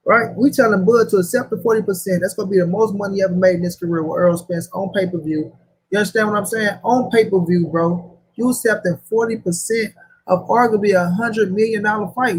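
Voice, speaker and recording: High husky-voiced man ranting. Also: rough recording. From St. Louis, USA. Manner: profane, slangy, repetitive rant. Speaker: boxing commentary host. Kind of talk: casual boxing talk.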